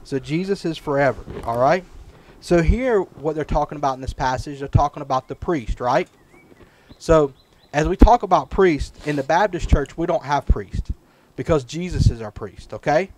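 A man's voice: fairly high pitch, normal speed, darkish tone, a little hiss or hum, low-quality recording. A man, a preacher, teaching a children's Sunday school Bible lesson, checking in with the kids often. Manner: patient, checks in often with "right?" and "okay?".

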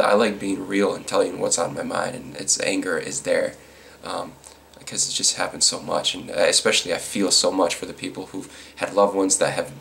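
A man giving casual, rambling commentary on news stories, irritated and quick to chuckle. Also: low-pitched, vocal fry, a bit bright, a little hiss or hum.

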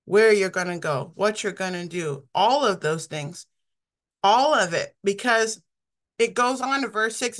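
A woman's voice: mid-range voice, lively intonation, unhurried. A middle-aged woman giving an informal, conversational sermon, often laughing and acting out the people she quotes. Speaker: preacher.

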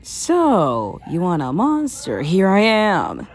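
A woman voicing a brooding, tormented male hedgehog in a fan audio drama, speaking forcefully and bitterly. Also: on the low side, wildly swooping pitch, slow pace, heavily acted. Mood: menacing. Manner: forceful, bitter, self-loathing.

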